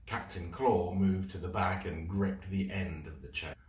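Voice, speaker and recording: A man reads a children's adventure aloud, slow and expressive. His voice sits low. The sound is roomy and a little far from the mic. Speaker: storyteller. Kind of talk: reading a children's book aloud. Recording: roomy room, mic at a distance.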